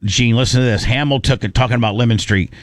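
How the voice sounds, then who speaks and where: A man hosts a radio show and tells stories in a lively, excitable way. He stumbles and restarts as he talks, in an ordinary middle voice. The sound is close and dry. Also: mid-range voice, fast, no room sound. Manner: animated, excitable, many restarts. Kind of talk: casual storytelling chat.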